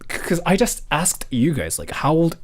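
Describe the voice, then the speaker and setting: A man's voice: fairly high pitch, moderate pace, a little hiss or hum. A man streaming live, chatting casually with viewers and reading donations in a rambling way with lots of fillers. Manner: animated, rambling with many fillers. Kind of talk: casual livestream chat.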